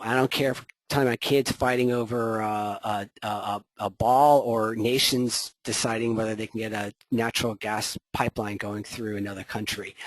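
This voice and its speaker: Man, safety trainer, casual rambling delivery, fillers and restarts, mid-pitched voice, dry close mic. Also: no room sound, low-quality recording. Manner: chatty, rambling with frequent fillers and self-corrections. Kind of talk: conversational training talk.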